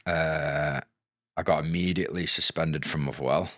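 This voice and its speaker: A man in his thirties speaks in an extremely deep, low voice. He tells his story in a frank, casual way and swears freely. The recording is close and dry, with no room sound. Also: lively intonation, normal speed, fairly bright tone, no room sound. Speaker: podcast guest, former footballer. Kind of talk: candid storytelling.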